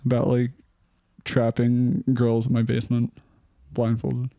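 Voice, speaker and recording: Young man, podcast co-host, laid-back, laughs a lot, mellow tone, dry close sound. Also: medium pitch, monotone, a little slow, creaky, no echo. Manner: laid-back, laughs often, swears casually. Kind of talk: casual chat. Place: bedroom at his parents' house.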